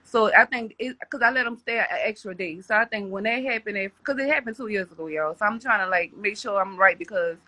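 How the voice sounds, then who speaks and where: Bright rambling woman telling her story. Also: medium pitch, fairly quick, hardly any pauses, dry recording. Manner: rambling, frequent restarts and repeated words. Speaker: podcast guest. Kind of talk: candid personal storytelling.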